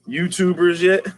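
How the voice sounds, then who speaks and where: A man hosting a casual aquarium livestream, talking in slang and greeting viewers by name. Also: high-pitched.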